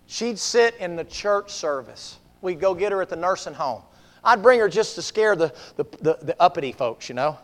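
Southern male preacher, fairly high voice, folksy joking storyteller, long hall echo. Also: expressive, moderate pace. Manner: folksy, humorous, swings from hushed to shouting. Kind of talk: storytelling sermon.

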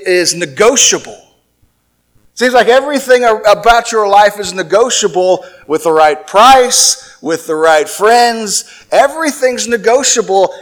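Male preacher, slow and halting delivery, mid-high voice. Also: fairly bright tone. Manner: slow, repetitive, stammering restarts, voicing God in quotes. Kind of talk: sermon.

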